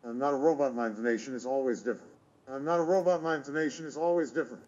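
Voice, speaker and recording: A machine voice clone of a man, a synthetic male politician with flat, choppy computer-made speech. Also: medium pitch, racing, highs cut off, close to an everyday voice. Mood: robotic.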